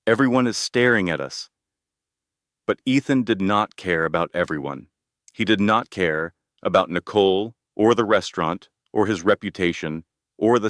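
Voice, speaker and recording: A man with a very deep, low voice narrating a dramatic story in a measured, steady way. The sound is close and completely dry. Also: dry recording.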